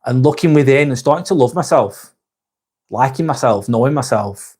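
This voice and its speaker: A man's voice: medium pitch, lively intonation, normal speed, a little mellow, husky. A man in his forties hosting a live vlog, chatting casually and candidly, rambling and swearing a lot. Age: 40s. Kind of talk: casual live-stream chat.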